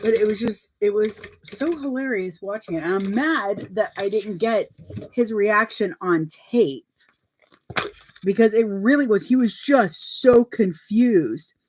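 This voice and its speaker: A woman's voice: mid-range voice, a little slow, a little mellow, slight background noise. A woman vlogger chatting casually and telling anecdotes while talking through her sewing steps.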